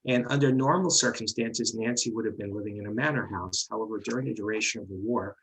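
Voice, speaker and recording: Gravelly New York man reading history. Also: fairly low pitch, quick pace, fairly bright tone, rough recording. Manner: hesitant, many fillers. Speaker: co-host. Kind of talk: reading history aloud on a livestream.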